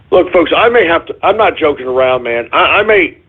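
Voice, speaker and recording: A hoarse, husky man hosts a call-in radio show, his voice pitched high as he rants in exasperation and breaks into shouts. The audio is tinny and phone-like, like a thin lo-fi line. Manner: exasperated ranting with shouted outbursts and sighs; curses, then apologizes for cursing. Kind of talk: ranting call-in radio monologue.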